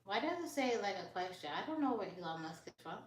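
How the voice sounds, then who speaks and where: A woman's voice: mid-range voice, very animated, far from the mic, a little hiss or hum. A woman chats on a live stream, hunting for her words and restarting sentences as she catches up on comments. Her voice sits back from the microphone. The room around her adds a noticeable echo. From United States. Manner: halting and searching, with frequent restarts while reading comments. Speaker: live streamer chatting with viewers. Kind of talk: casual live-stream chat. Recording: roomy, voice set back from the mic.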